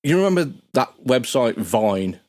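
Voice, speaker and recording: A man's voice: mid-range voice, big pitch swings, a little slow, a little mellow, no room sound, clean studio sound. A man chatting as a guest on a podcast, rambling and restarting his sentences. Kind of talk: casual podcast chat.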